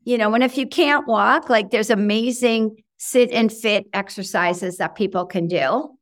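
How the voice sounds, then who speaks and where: A woman in middle age, a guest in an interview, talking in a chatty, animated way with lots of fillers and acted-out quotes of her own thoughts. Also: mid-range voice, unhurried. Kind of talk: conversational interview.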